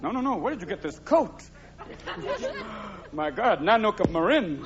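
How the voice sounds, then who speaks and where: A man performing live stand-up comedy on a theater stage, talking in a manic, rapid-fire way and jumping between voices. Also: sits high, sing-song. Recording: dull live recording with loud crowd. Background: audience laughter and noise.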